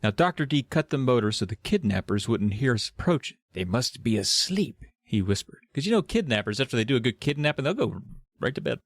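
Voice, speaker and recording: A man's voice: medium pitch, sing-song, fast, no echo. Dry-voiced man riffing through a recap. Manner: playful, riffing, reads aloud. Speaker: podcast co-host. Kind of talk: comedic book recap.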